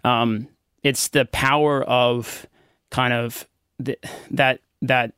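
A young American man as an interview guest, hesitant and filling pauses with ums. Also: medium pitch, flat delivery, fairly bright tone, smooth, dry recording, clean studio sound. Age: young adult. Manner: hesitant, many fillers. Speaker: guest, company founder. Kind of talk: casual interview.

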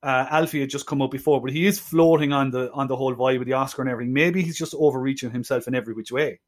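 A man's voice: mid-range voice, steady tone, racing. A man co-hosting a film podcast, talking with many hesitant restarts and a tone of exasperated disbelief. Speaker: podcast co-host. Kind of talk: casual film review chat.

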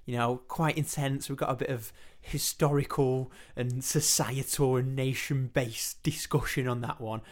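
A man's voice: medium pitch, fairly even intonation, a little slow, few pauses. A man with a British accent hosting a film podcast, chatting casually and joking around. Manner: jokey, playful, self-mocking. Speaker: podcast host. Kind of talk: casual chat.

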